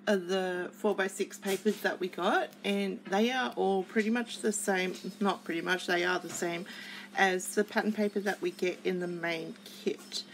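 Slow-talking woman with a gravelly voice. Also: mid-range voice, slight background noise, rough recording. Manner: gushing and chatty, with many fillers. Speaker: craft kit reviewer. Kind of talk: casual unboxing chat.

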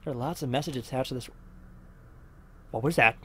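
A man's voice: mid-range voice, brisk, slight background noise. A young man nervously talking through a horror game as he plays, rambling and muttering to himself. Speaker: let's play host. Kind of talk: casual gameplay commentary.

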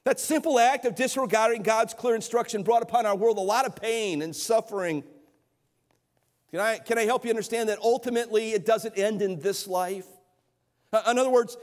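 Male pastor, high voice, earnest sermon delivery with frequent restarts, recorded in a church sanctuary with a long reverb tail. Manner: earnest preaching with repeated words and restarts.

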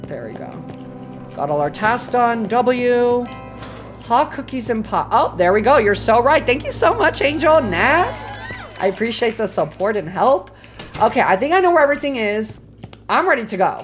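A woman streamer giving live gameplay commentary, profane and excitable, ranting loudly and then muttering to herself. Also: a little high.

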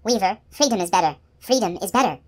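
A woman voicing a gentle, regal female unicorn who speaks in few soft, urgent words. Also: medium pitch, expressive, fairly quick, pitched above the performer's own voice, lightly acted.

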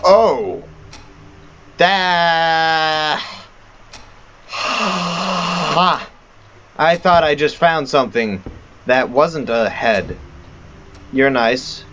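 A man's voice: fairly high pitch, drawn-out words, pauses often, a bit bright, highs cut off, a little hiss or hum. A man giving rambling, self-mocking let's play commentary on a horror game. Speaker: gamer.

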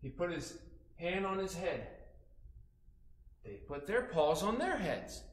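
A man's voice: high voice, slow pace. A man telling a story to children in a playful way and inviting them to act along. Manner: playful, animated, coaxing the audience to join in. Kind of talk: interactive storytelling for kids. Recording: echoey room.

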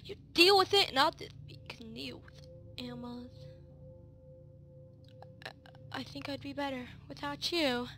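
A woman giving let's play commentary, excitable, shrieking and yelling at the screen. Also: sits high, unhurried, long pauses, loud music behind the voice. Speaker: gaming video host. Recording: loud noisy hiss under the voice.

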